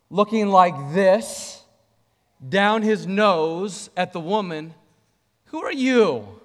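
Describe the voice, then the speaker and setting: A man with a high voice delivers a sermon, speaking conversationally and turning often to the congregation with questions. His voice rings out with a long reverb from the church hall around him. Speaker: pastor.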